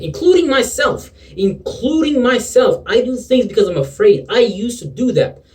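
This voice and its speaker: A man's voice: fairly high pitch, a little mellow, recorded from a distance, low-quality recording. A man giving an impassioned spiritual pep talk to camera, preachy and sometimes sarcastic, calling the listener bro and man. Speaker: motivational video preacher.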